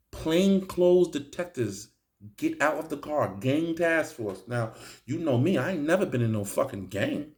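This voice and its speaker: A man telling a story in a casual, profane street style, acting out the people in it. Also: on the high side. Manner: animated, profane street storytelling with acted-out quotes.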